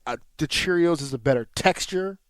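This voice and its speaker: A man's voice: fairly high pitch, normal speed, clear, resonant tone, no room sound. A man co-hosting a podcast, chatting casually, laughing often and swearing. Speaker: podcast co-host. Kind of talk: casual banter.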